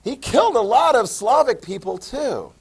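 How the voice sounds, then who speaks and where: A man teaching a high school history lesson in a casual lecture style, full of sarcastic asides and telling students to write things down. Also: very animated, normal speed, slightly rough.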